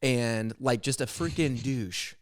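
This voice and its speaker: A man's voice: medium pitch, slow. A young man, a stand-up comedian and podcast co-host, in casual chat, often laughing as he retells his own jokes.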